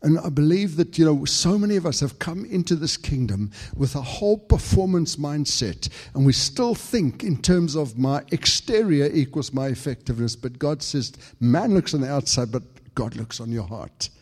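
A man preaching a fervent sermon to a congregation, stumbling over restarts as he builds to high, excited peaks. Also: moderate pace, few pauses, slightly rough, long reverb tail. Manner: frequent stammered restarts.

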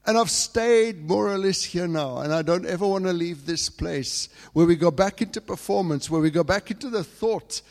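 A man from England preaching a sermon, telling a personal story and swinging between hushed, quiet passages and loud, fervent outbursts. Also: high-pitched, moderate pace, creaky, few pauses, in a large hall.

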